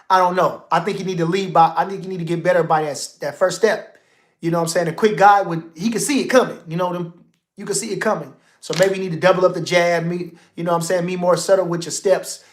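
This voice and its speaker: A middle-aged man hosting a casual livestream about boxing, slangy and animated, swinging from a low murmur to loud outbursts. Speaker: boxing commentator.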